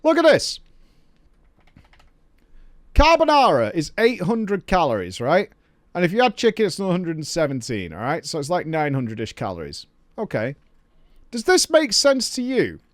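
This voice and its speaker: A man in his thirties chatting and ranting on a stream, swearing freely in an animated way. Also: on the high side, moderate pace, pauses often, no echo. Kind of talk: casual stream chat.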